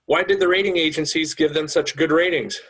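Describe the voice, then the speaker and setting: A man's voice: on the high side, steady tone, brisk, a bit bright, lightly acted. A man reading the part of a worried village leader who keeps asking earnest questions on a video call. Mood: questioning.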